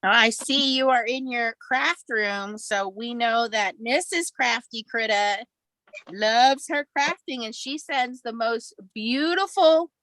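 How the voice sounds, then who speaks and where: A woman's voice: fairly high pitch, slow, fairly bright tone, dry recording, low-quality recording. A woman in a casual video chat, teasing and laughing with the others.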